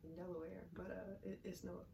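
A woman's voice: fairly low pitch, flat delivery, quick pace, gravelly, far from the mic. A young woman with a Southern accent co-hosts a podcast in easygoing, playful chat. She is recorded a little away from the mic in an echoey room, with a faint hiss underneath. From American South. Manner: laid-back, playful. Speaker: podcast co-host. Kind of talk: casual chat.

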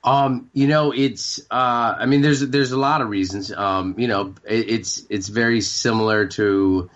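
A man in his forties from Maine, a radio show guest talking candidly, halting and repeating words with many fillers. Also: mid-range voice, fairly even intonation, fairly bright tone, highs cut off. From Maine, United States. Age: 40s. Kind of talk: candid interview talk.

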